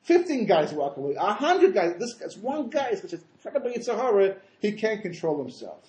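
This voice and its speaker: Animated rabbi a high, lively voice. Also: male voice, fairly quick, reverberant, poor audio. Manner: animated, acts out voices in quotes, rhetorical questions. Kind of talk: Torah lecture.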